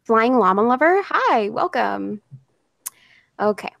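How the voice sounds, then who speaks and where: A woman's voice: fairly high pitch, sing-song, slow, vocal fry, fairly bright tone, no room sound, highs cut off. A woman in her twenties hosting a casual live-stream interview, greeting viewers by name as she chats. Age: 20s.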